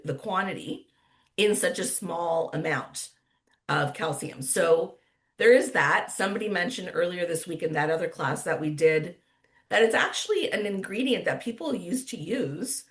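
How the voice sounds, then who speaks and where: A woman's voice: mid-range voice, fairly bright tone. A woman with a Canadian accent moderating an online cooking class in a chatty, upbeat way, laughing often. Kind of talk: casual livestream chat.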